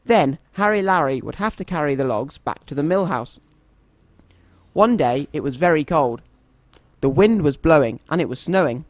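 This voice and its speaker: A man reading a children's story aloud in a gentle, expressive storytelling manner. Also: a little high, normal speed, no room sound.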